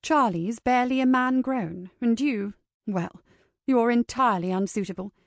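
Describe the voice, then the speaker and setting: A woman voicing an earnest, prim young vampire woman who speaks crisply, in a storybook reading. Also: a little high, moderate pace, no room sound, studio quality.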